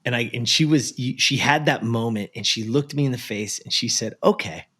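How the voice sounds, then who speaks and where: Male interview guest from the US, animated storyteller, average pitch. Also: fairly quick, husky. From United States. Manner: animated, acts out the voices of people in his story. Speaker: guest, productivity and life coach.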